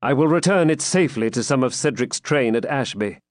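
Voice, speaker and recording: A grave young pilgrim, as a man reads him, gives orders with quiet, firm authority. The lines rise and fall with lively pitch. The sound is close and dry. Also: brisk, dry recording, natural voice. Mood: urgent. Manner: grave, commanding, archaic speech. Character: stern commanding male pilgrim, young warrior.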